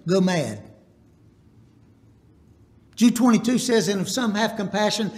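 A man delivers a Baptist sermon in a notably high voice. He wanders through homespun stories, then stops to ask the congregation to repeat lines back to him. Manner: folksy, rambling, calls out for congregation responses. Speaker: Baptist preacher. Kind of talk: storytelling sermon.

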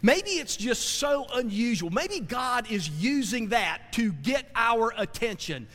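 Earnest male pastor, high voice, reverberant hall. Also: very animated, slow, bright, forceful tone. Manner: earnest, repetitive, with frequent restarts and rhetorical questions. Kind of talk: sermon.

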